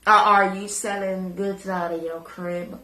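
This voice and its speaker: A woman's voice: medium pitch, level tone, a little slow, bright, forceful tone, roomy sound. A woman giving crude, taunting reaction commentary and repeating words to mock someone. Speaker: commentary vlogger.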